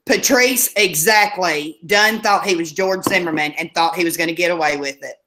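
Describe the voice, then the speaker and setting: A woman's voice: fairly low pitch, moderate pace, a bit bright. A woman co-hosting a casual chat show, blunt and emphatic, swearing freely. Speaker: podcast co-host.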